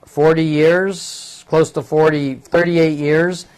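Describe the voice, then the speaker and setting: Man in his fifties, slightly higher voice, agitated and profane, rambling and repetitive solo vlog. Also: level tone, takes it slowly, a little mellow, smooth. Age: 50s. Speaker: vlogger. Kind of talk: rambling monologue.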